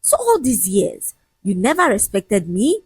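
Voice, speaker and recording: A woman voicing a heartbroken, outraged young fiancée who pleads and shouts. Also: mid-range voice, wildly swooping pitch, measured pace, breathy edge, dry recording, exaggerated voice. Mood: hurt. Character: heartbroken young Nigerian fiancée, emotional and shrill.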